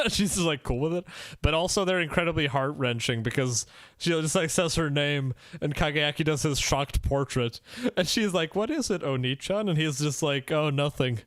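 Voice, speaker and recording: Podcast host, male, animated and giggly, recorded dry. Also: a little high, normal speed, no room sound. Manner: excitable, laughs often, acts out quotes. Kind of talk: casual podcast chat.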